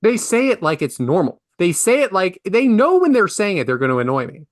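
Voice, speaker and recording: Man, podcast host, animated exasperated rant, wildly swinging pitch, dry close studio mic. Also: brisk, dry recording. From half Italian, Philadelphia area.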